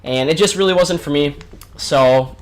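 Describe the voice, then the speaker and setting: A man's voice: fairly high pitch, normal speed. Chatty young man telling a story. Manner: animated, chatty storyteller addressing viewers. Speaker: vlogger. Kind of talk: casual storytime vlog.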